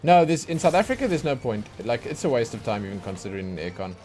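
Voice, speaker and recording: A tired, sleep-deprived let's play streamer chats casually while gaming, rambling and mocking himself. His mid-range voice has a darkish tone and comes out very animated and fast, with faint game music in the background.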